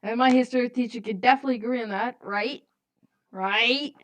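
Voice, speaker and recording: A woman's voice: on the high side, brisk. A teenage girl trading teasing, sweary banter with her co-host on a casual podcast.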